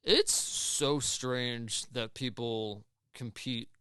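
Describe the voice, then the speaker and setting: Smooth-voiced man, blunt casual banter. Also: mid-range voice, drawn-out words, sharp tone, no room sound, clean studio sound. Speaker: podcast co-host. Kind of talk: casual chat.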